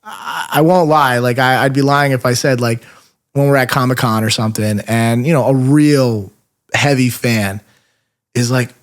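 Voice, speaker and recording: A man's voice: medium pitch, moderate pace. A man, a toy painter guesting on a podcast, talking casually and acting out fans' reactions in his stories. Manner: animated storyteller who acts out fan reactions; self-deprecating, many fillers and restarts.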